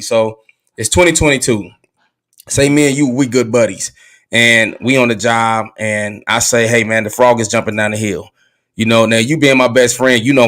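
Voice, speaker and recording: A man's voice: medium pitch, fairly bright tone. A man hosting a podcast in casual conversation, laid-back and candid with slang, recorded in a car. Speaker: podcast host.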